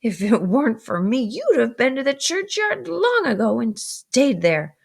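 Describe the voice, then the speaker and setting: A woman voicing a harsh, bossy older sister who scolds in a shrill, raised voice. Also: sing-song, a little slow, gravelly, darkish tone, exaggerated voice. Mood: scolding.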